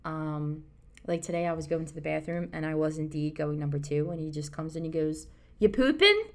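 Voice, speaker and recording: A woman's voice: low-pitched, completely flat delivery, brisk, warm tone. A woman in her thirties co-hosting a casual podcast, rambling and earnest as she reassures listeners. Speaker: podcast co-host. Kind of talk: casual chat.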